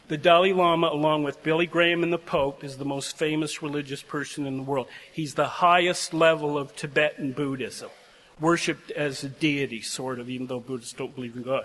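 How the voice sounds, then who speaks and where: In a large chapel thick with long reverb, an older man addresses seminary graduates, his voice a little high and fairly bright. Earnest and emotional, he shares personal stories and seems close to tears.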